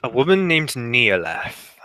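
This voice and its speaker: A man running a tabletop game, briskly narrating scenes and voicing side characters. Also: mid-range voice, sing-song, sharp tone, slight background noise. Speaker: game master.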